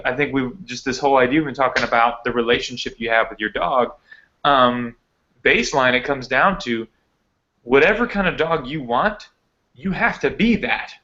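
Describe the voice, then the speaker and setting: A man's voice: medium pitch, sharp tone. A man co-hosting a live online dog training chat, explaining with energy over a video call. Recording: dull lo-fi video call audio.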